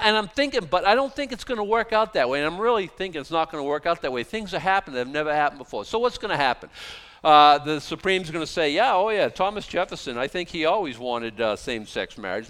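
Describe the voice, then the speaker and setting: A man's voice: on the high side, a bit bright. A middle-aged man, a pastor preaching a sermon in a conversational way, asking rhetorical questions and acting out quoted voices.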